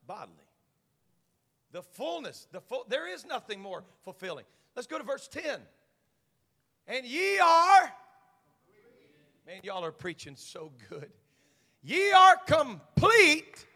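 A man, a senior pastor, preaching a Pentecostal sermon, dropping to quiet asides and then climbing to shouted proclamation. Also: sits high, vocal fry, long reverb tail. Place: church sanctuary.

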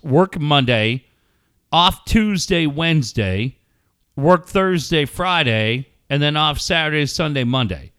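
A man's voice: a little high, fairly bright tone, no echo, clean studio sound. A middle-aged man co-hosting a casual podcast, swearing freely and riffing jokes. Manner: profane, joking, riffing. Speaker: co-host.

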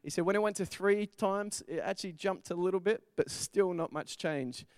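A middle-aged pastor delivering a sermon with a smooth, resonant voice pitched a little higher than most men. He talks it through like a conversation, weaving in stories from his own family life. The sound is close and dry, with almost no room echo. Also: normal speed. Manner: conversational preaching with personal stories. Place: church.

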